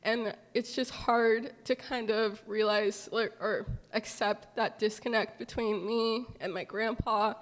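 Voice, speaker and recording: Young woman, emotional testimony, halting and tearful, slightly high voice, long hall reverb. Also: steady tone. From Southern California. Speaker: farm manager sharing a personal story. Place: large hall at a community gathering.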